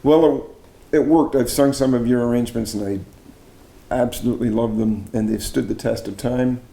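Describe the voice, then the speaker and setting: This casual interview features a middle-aged Canadian barbershop arranger and judging chair talking admiringly and excitedly with a fellow singer, often starting sentences over. His mid-range voice is gravelly and warm at a normal speed, echoing in the room.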